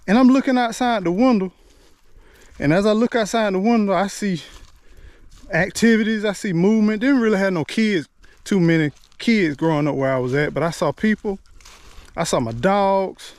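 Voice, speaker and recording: A man's voice: sits high, moderate pace, darkish tone, no echo. A man telling a personal childhood story in an earnest, repetitive, informal way. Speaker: speaker sharing life lessons.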